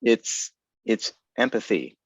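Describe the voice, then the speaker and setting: A man's voice: lowish voice, big pitch swings, takes it slowly, husky, no echo, poor audio. A man giving an earnest, articulate talk over a video call, often restarting his sentences. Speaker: guest speaker. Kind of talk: casual virtual talk.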